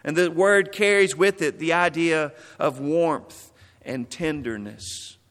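A man's voice: on the high side, takes it slowly, fairly bright tone. Preaching man in a reverberant hall. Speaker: pastor. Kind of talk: sermon.

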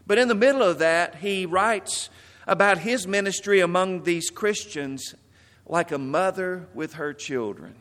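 A man preaching a sermon as pastor, telling stories and stressing words, then dropping softly. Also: sits high, long reverb tail.

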